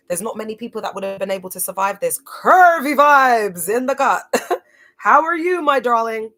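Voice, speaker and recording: A woman hosting a motivational livestream, speaking earnestly to her viewers and reading from her notes. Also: on the low side. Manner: earnest, reads from notes, addresses viewers as guys. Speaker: livestream host.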